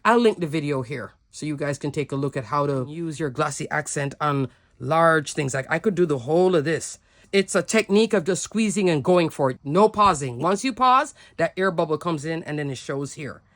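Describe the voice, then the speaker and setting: A woman's voice: sits low, expressive, normal speed, no echo. A woman giving a casual, upbeat card-making product demo, chatty and often saying "like".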